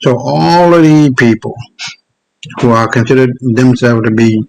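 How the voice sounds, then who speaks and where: Male host ranting on his own show, heavy swearing, keeps stopping to find clips, middle-pitched. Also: unhurried, gravelly, a little mellow, poor audio. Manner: profane, heated, stops often to search clips. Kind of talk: casual rant commentary.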